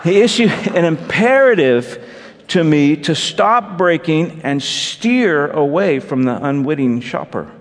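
A man's voice: on the high side, animated, slow, big-room sound. A man preaching a sermon as pastor, telling a personal story with wry humor and asides to the congregation. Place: church.

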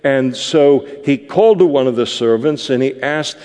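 A man's voice: medium pitch, moderate pace, darkish tone, big-room sound. A male preacher explaining a Bible passage verse by verse in a conversational, explanatory manner. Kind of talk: verse-by-verse sermon.

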